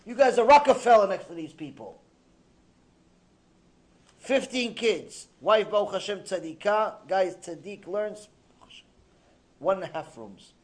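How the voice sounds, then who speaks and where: High-voiced, animated male lecturer. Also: a little slow, long pauses. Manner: animated, emphatic storytelling, mixing Hebrew terms into English. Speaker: rabbi giving a lecture. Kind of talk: Torah lecture with storytelling.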